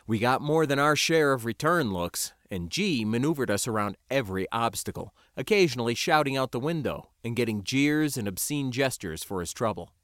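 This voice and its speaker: A man reading a first-person story as an audiobook narrator, in a wry, lively storytelling way. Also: mid-range voice, normal speed, hardly any pauses, dry recording, clean studio sound.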